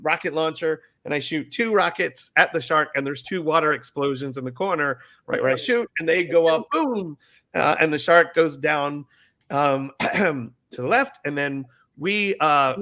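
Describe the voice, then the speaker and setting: A middle-aged man speaks with a bright, forceful tone that sits a touch high for a man. He tells his stories in a loose, casual interview style. Now and then he jumps way up in pitch to mimic squealing riders. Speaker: guest, former ride skipper.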